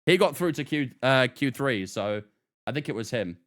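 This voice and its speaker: A man's voice: mid-range voice, animated, moderate pace, fairly bright tone. Chatty male game streamer. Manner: chatty, talks to chat, often laughs off. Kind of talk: casual gaming stream.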